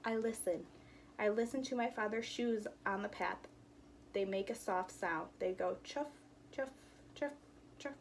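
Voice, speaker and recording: A woman's voice: mid-range voice, moderate pace, slight background noise. Woman reading a storybook to kids. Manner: lively, voices sound words playfully for children. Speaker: teacher reading aloud to children. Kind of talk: storybook read-aloud with sound effects.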